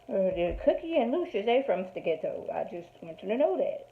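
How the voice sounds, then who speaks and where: A woman's voice: medium pitch, a little fast. Chatty woman recapping a TV episode. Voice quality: animated, emphatic storytelling with quoted asides. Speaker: TV show reviewer. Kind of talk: casual recap and review. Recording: tinny phone-like audio.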